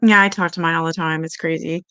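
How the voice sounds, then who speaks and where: A woman's voice: steady tone, fast, bright, forceful tone, smooth, no echo. A woman hosting a true-crime livestream who chats casually with her viewers and swears freely. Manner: chatty, swears freely, talks to her chat; coos at her cats in a high baby voice.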